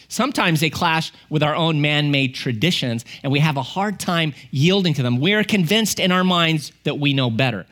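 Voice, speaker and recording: A man in his forties delivers a sermon as a guest preacher, opening with jokes and lively stories. His voice sits a bit high for a man, and he moves between quick asides and slow, emphatic points. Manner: humorous, animated storytelling.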